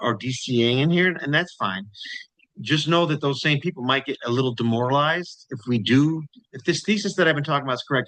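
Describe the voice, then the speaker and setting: A man's voice: medium pitch, a bit bright, no room sound, low-quality recording. A man hosting a trading channel, talking casually through charts. He repeats phrases for emphasis and keeps checking in with "right?" and "you know".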